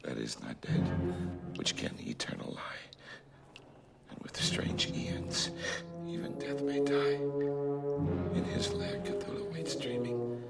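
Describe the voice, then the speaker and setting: A man in a film clip, slowly whispering and chanting a dark invocation. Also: medium pitch, wildly swooping pitch, creaky, exaggerated voice. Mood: ominous. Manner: slow, hushed chanting. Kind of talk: whispered incantation. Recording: distant voice under loud music.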